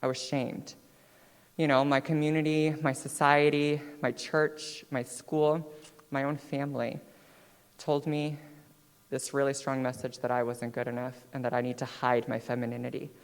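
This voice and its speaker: A woman in her twenties, a guest speaker telling her own story on stage in a chatty, animated way, often checking in with "right?". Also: very deep voice, normal speed. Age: 20s. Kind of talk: personal storytelling talk. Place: stage in a hall. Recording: long hall reverb.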